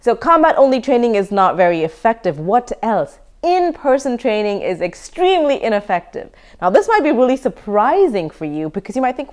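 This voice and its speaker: A woman in her thirties teaching self-defense in an emphatic, energetic lecture style. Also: on the high side, brisk, hardly any pauses. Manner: emphatic, energetic, laughs now and then. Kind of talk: online course lecture.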